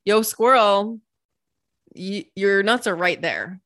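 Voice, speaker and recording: A woman voicing a calm, watchful bird perched on a branch in a story she tells, speaking low, quiet and matter-of-fact. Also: slow pace, no room sound, clean studio sound. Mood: casual.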